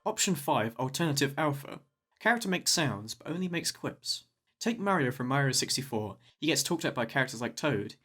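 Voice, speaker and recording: A man's voice: medium pitch, sing-song, brisk, pushed and bright, slightly rough. A man narrating a scripted video essay, with wry, jokey asides.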